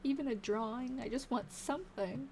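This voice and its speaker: A woman's voice: fairly high pitch, normal speed, dark tone, a little hiss or hum. Tired woman chatting on a live stream. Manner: thinking aloud, reads snippets, chats to viewers. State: tired, yawning. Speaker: live-stream host researching old diaries. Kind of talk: casual live-stream chat while reading aloud.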